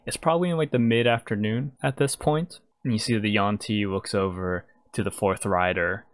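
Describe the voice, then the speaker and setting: A man narrating as game master of a tabletop game, in a relaxed and halting way. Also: lowish voice.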